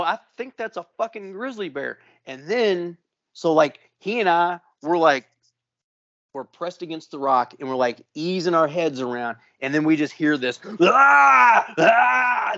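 A man's voice: fairly high pitch, normal speed, dry recording, muffled recording. A man telling a long story on a casual podcast, swearing often and acting out the other people in it. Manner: profane, animated storyteller. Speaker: podcast co-host.

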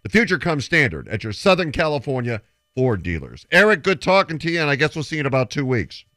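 Sports radio host guy, fast and lively, dry sound. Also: medium pitch, dry recording. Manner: brisk, reads ad copy and segment intros. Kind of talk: sports talk radio hosting.

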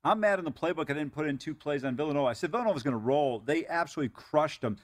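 A man co-hosting a sports betting show, talking rapidly and with strong opinions in casual chat. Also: on the high side, expressive, dry recording.

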